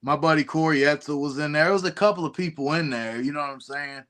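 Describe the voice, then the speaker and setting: A man hosting a casual podcast, easygoing and full of slang, dropping "bro" into his sentences. His voice sits somewhat higher than usual for a man. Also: fast talker, a bit bright. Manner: laid-back, slangy, keeps saying bro. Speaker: podcast host.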